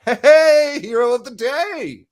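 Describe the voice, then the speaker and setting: A man voicing a brisk gray-haired woman merchant in her fifties, in a loud, hearty falsetto.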